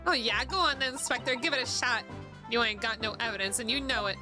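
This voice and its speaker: A woman voicing a cheeky young street urchin who taunts and dares in a game playthrough. Her voice is a little high, with music playing behind. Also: fast talker, natural voice. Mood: taunting. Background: background music.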